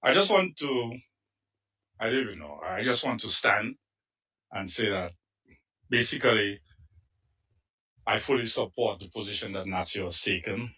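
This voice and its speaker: A man with a bright, forceful tone speaks earnestly but haltingly. The sound is dull and he is heard from a distance off the mic. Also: fairly low pitch, animated, breathy edge. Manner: hesitant, earnest. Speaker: doctor speaking in support.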